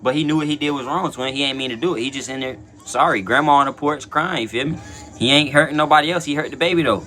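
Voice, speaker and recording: A man's voice: on the high side, fast, sharp tone, slight background noise. Slangy young man reacting to clips. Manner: slangy, rambling, addresses chat directly. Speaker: reaction video host. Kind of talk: casual reaction commentary.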